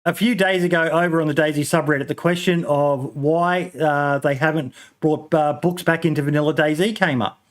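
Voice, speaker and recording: A man's voice: fairly high pitch, fairly even intonation, moderate pace, few pauses. A man hosting a casual podcast, rambling with many ums and restarts and casual swearing. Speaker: podcast host.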